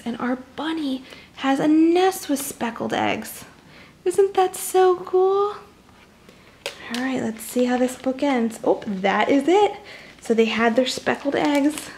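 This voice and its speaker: Read this like you're a young woman sharing a storybook with kids: keep your voice high, let a little gravel sit in it, and break off now and then to chat with them. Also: slight background noise. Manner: animated, chatty asides to young listeners. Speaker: children's storybook reader. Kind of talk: reading a picture book aloud to kids.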